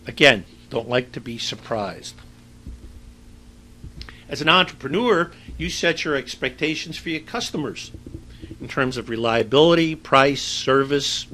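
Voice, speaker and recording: A man's voice: mid-range voice, bright, forceful tone, a little hiss or hum, rough recording. A middle-aged man giving a university lecture in a conversational, anecdotal way, with frequent fillers. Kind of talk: recorded lecture.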